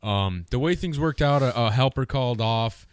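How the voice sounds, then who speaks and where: A man's voice: medium pitch, lively intonation, normal speed, clean tone, no echo, studio quality. A man co-hosting a podcast, telling a story in loose, profane casual chat and laughing often. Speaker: podcast co-host.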